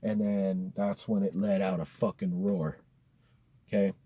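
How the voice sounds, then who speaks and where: A man's voice: low-pitched, steady tone, a little slow, dark tone, husky, no echo. A man telling a spooky story in a casual, profane, laid-back way, dropping "dude" often.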